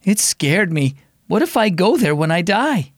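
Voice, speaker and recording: A man's voice: high voice, very animated, unhurried, no room sound, clean studio sound, pitched above the performer's own voice, heavily acted. A man voicing a troubled young girl in a children's audio story, speaking hesitantly. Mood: worried.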